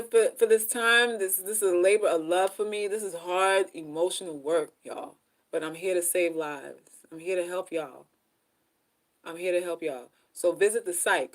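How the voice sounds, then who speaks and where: A woman hosting a casual live stream on relationship advice, repeating herself and talking straight to her viewers, dropping to soft asides and then rising to loud, high outbursts. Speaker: livestream host, relationship advice.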